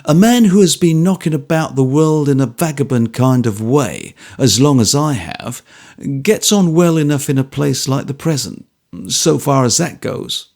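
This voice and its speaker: A man's voice: medium pitch, expressive, moderate pace, creaky, a little mellow. A man reading an audiobook and voicing a bluff, good-humoured former soldier who speaks steadily, politely and stubbornly. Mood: firm, polite.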